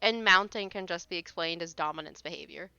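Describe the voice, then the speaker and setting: Woman streamer, casual exasperated rant, blunt and sweary, bright sharp tone, dry close sound. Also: lowish voice, brisk, clean tone, dry recording, muffled recording. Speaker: livestreamer. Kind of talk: casual chat while gaming.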